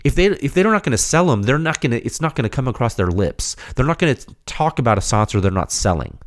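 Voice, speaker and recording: A man hosting a podcast, slightly hoarse and losing his voice, giving an emphatic, rhetorical unscripted technical monologue straight to his audience. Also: mid-range voice, very animated, fast talker. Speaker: podcast host, firearms silencer researcher.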